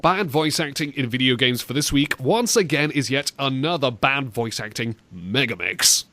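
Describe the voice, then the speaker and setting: A man's voice: mid-range voice, lively intonation, normal speed, bright, forceful tone, no echo. A man hosting a podcast, joking in casual commentary and rambling, stammering and repeating words as he goes. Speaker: podcast host.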